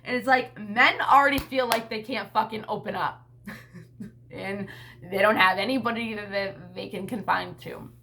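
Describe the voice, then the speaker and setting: A woman with a bright, forward voice vents straight to her camera in a casual vlog. She rambles, swears freely and fills every pause with "like" and "you know." Her pitch sits in an ordinary middle range. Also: gravelly, a little hiss or hum. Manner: rambling, blunt and profane, heavy use of "like" and "you know". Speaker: vlogger and mother.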